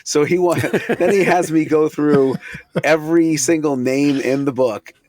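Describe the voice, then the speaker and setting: A man's voice: a little high, dry recording. A man, an author, talking enthusiastically about his book in an interview. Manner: enthusiastic, animated, fast when excited. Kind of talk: casual interview chat.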